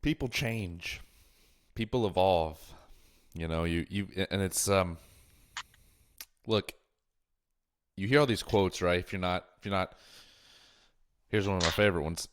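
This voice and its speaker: A man hosting a casual podcast, talking in an animated, jokey way and drifting into tangents. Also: sits low, measured pace, pauses often.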